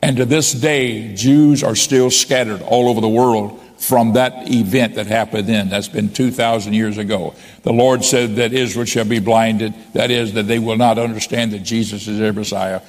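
A man's voice: on the low side, steady tone, normal speed, hardly any pauses, big-room sound. A man preaching a sermon as a bishop, quoting scripture and raising his voice emphatically for key points.

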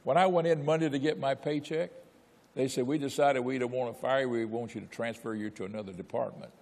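A man's voice: medium pitch, fairly even intonation, fast, creaky, a little mellow, long reverb tail. An older man preaching a sermon, exhorting with repetition and telling folksy personal stories. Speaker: pastor.

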